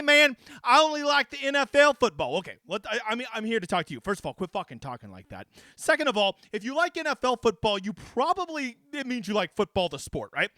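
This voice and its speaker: Brash, fast-talking man breaking down picks. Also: extremely high pitch, no room sound, clean studio sound. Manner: brash, profane and excitable. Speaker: daily fantasy sports analyst and host. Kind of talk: casual picks breakdown to camera.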